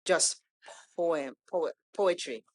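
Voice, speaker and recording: A woman guest on a podcast, telling a story in a casual, animated way and acting out the lines of the people in it. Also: on the low side, slow pace. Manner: animated storytelling, acts out quoted dialogue. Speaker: guest poet.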